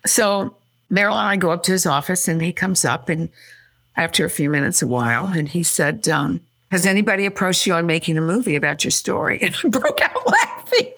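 An older woman from California, a guest in an interview, telling her story quickly and acting out what people said. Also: fairly low pitch, breathy edge. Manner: animated, quick storyteller who acts out quotes.

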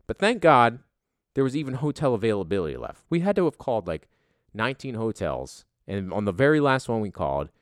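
A man's voice: lowish voice, no room sound, clean studio sound. A young man telling a story as a casual, exasperated rant, swearing heavily.

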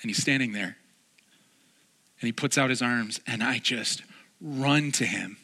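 A man's voice: medium pitch, a little slow, bright, forceful tone. A man preaching a sermon, telling a personal story and repeating key phrases with earnest emphasis.

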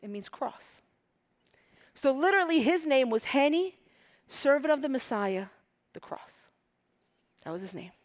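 A woman from Egypt preaching a sermon with passion, dropping to hushed whispers and rising to loud emphatic peaks. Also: high voice, animated, unhurried, long pauses.

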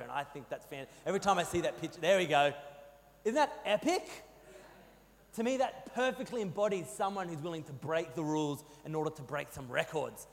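A man in his thirties with an Australian accent, preaching a sermon as a pastor, telling stories with animated, rising emphasis. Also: fairly high pitch. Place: church hall. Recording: long hall reverb.

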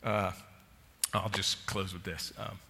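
A man's voice: low voice, flat delivery, slow pace, creaky, pushed and bright. A male senior pastor preaching a sermon, telling a personal story with feeling and closing in prayer. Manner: emotional storytelling, ends in prayer. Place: church sanctuary. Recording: long church hall reverb.

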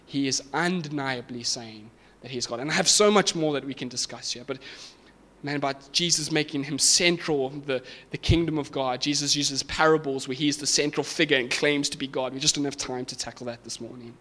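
A man's voice: medium pitch, fairly quick, fairly bright tone. A man preaching a sermon to a congregation, explaining scripture with emphatic, rising intensity. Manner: emphatic, builds to raised fervent peaks. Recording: reverberant hall.

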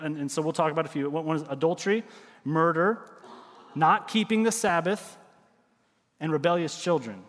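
A middle-aged man preaching a sermon, telling stories with lively swings and dropping to quiet emphasis. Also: on the high side, in a large hall. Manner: animated storytelling, drops to quiet emphasis. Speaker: pastor.

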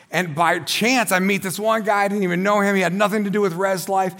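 A man in his forties, a pastor giving his testimony as a sermon on a church stage, telling his story with excitement and shouting at the high points. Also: fairly quick, gravelly, few pauses. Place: church stage before a congregation.

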